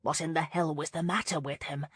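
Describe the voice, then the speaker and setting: A woman narrating a romance audiobook in a measured, expressive reading on a close studio mic. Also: deep voice, slightly rough, no room sound. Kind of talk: scripted narration.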